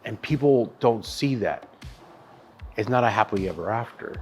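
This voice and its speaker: A man's voice: fairly low pitch, animated, normal speed, soft background music. A man, a barbecue pitmaster and chef, telling his story in a casual interview with emphatic, profane talk. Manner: emphatic and profane, calls the listener dude and bro.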